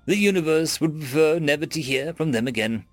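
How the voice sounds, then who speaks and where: A man's voice: a little high, fairly quick, dry recording, faint music behind. Guy reading out sci-fi short stories, voice goes up and down a lot, very dry recording. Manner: expressive reading with shifting tones. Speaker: story reader. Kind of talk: scripted narration.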